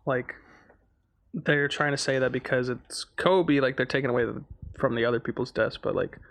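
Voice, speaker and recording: A man's voice: mid-range voice, moderate pace, gravelly, fairly bright tone. A man co-hosting a casual podcast, laid-back and swearing casually. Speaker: podcast co-host.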